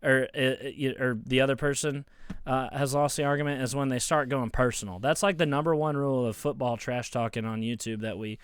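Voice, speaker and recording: A heated man rants into his phone as a football fan YouTuber, mocking his rival and tripping over his words as he restarts sentences. His voice is smooth and resonant. The sound is dry and close, with no room around it. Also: mid-range voice, steady tone, brisk, no echo. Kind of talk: casual ranting vlog.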